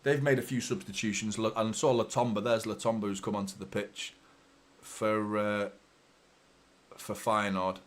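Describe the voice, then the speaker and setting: A man hosting a live football watchalong, chatting casually and swearing freely, quickly heated and exasperated by mistakes. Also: on the low side, steady tone. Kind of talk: live match commentary and chat.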